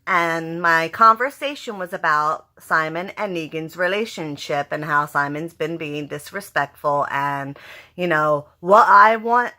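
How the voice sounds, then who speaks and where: Bright-voiced, excitable woman reviewing a show. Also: low voice, a little slow. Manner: excitable, rambling, swears freely. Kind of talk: casual episode review vlog.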